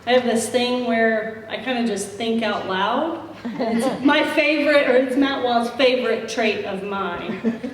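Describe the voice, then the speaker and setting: A woman's voice: on the high side, measured pace, a little hiss or hum. A woman giving a chatty, self-deprecating roast speech full of anecdotes and laughter. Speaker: roast speaker. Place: large event hall. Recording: echoey hall recorded from far off.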